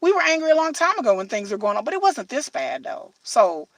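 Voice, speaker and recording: A middle-aged woman chatting casually on a livestream, telling lively stories, acting out what people said and swearing freely. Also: sits high, fast, no echo, recorded from a distance, rough recording. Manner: animated storytelling, acts out quotes, swears freely. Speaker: livestream host. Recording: voice slightly off-mic, faint noise.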